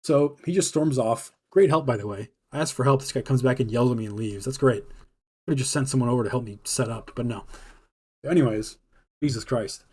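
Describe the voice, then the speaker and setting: Male streamer, quick husky delivery, animated storyteller voicing everyone he quotes. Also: mid-range voice. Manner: fast, animated retelling with quoted dialogue. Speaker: podcast host telling a personal story. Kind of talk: casual storytelling monologue.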